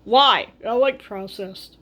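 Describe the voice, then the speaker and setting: A woman voicing a stubborn houseguest who mumbles flat, sulky demands. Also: fairly high pitch, takes it slowly, pitched below the performer's own voice. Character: stubborn, childish adult male houseguest.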